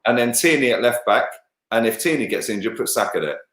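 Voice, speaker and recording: A man talks football bluntly and heatedly, swearing freely and tagging his points with "yeah" and "bruv". His voice sits at a middling pitch and carries a roomy echo from the space around him. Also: animated, brisk, fairly bright tone. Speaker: co-host football pundit.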